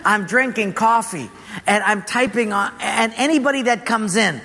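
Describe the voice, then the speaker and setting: A man preaching to a congregation in a high, bright voice, spinning a humorous personal tale. His sermon rings out through a large hall with a long reverb, over faint background noise. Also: normal speed. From Portugal. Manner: humorous, animated storytelling with laughter. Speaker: pastor. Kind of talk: storytelling sermon.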